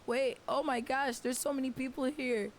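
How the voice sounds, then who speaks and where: A woman streaming a game, hoarse with a failing voice, greeting viewers in a bubbly, flustered way. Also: high-pitched, fairly even intonation, normal speed, slight background noise, poor audio. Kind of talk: live gaming stream chat.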